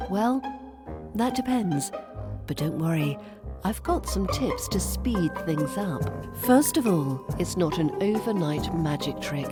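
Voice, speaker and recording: A woman with a British RP accent giving a scripted, upbeat accent lesson for a podcast. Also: medium pitch. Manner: upbeat, playful teaching tone.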